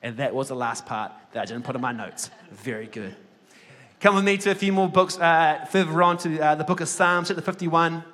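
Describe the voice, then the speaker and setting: A man leading a sermon, reading scripture aloud with slow emphasis and joking asides to the congregation. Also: on the high side, fairly bright tone, big-room sound. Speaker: head of a ministry school, preacher.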